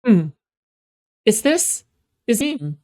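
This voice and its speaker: A woman's voice: on the high side, sing-song, drawn-out words, dark tone, no echo, clean studio sound. A woman streaming casual reaction commentary, blunt and swearing freely, laughing often.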